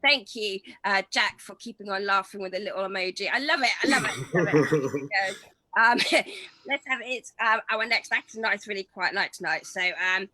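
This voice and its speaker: A woman's voice: medium pitch, animated, brisk, bright, forceful tone, low-quality recording. A woman hosting a comedy show, chatty and hesitant with many ums. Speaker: show host. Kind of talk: casual hosting chat.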